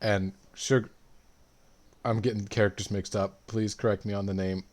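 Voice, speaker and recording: A man, a player in a tabletop game, recapping the last session in a rambling, excitable way full of fillers. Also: fairly low pitch, normal speed.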